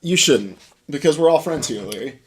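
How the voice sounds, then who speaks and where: Male podcast host, husky and a bit congested, playful teasing delivery. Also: fairly high pitch, lively intonation, moderate pace. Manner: joking, teasing introductions. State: stuffy, under the weather. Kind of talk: casual chat.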